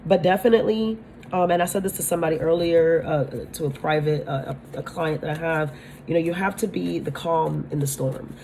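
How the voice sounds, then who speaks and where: A woman's voice: low-pitched, brisk, vocal fry, warm tone, a little hiss or hum. A woman giving a spiritual tarot-style reading, talking bluntly, swearing freely and often asking her listeners if they understand. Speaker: tarot reader.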